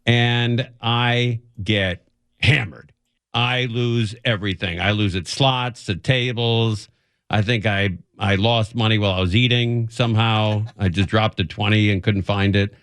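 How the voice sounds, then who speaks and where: Low-voiced man telling a rambling story. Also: steady tone, a little slow, fairly bright tone, clean tone, dry recording. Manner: rambling, self-mocking, laughs often. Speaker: radio show host. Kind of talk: casual storytelling chat.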